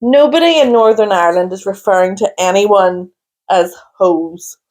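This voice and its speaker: A woman's voice: mid-range voice, moderate pace, a little mellow. A woman co-hosting a podcast, chatting and gossiping casually, often laughing. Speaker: podcast co-host. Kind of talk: casual chat.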